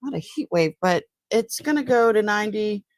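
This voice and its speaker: A woman's voice: medium pitch, expressive, moderate pace, dry recording. A middle-aged woman with a Boston accent, hosting a casual live-stream from home, chatting and rambling as she greets viewers by name. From Massachusetts. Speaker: live-stream seller and host. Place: at home, indoors by a counter.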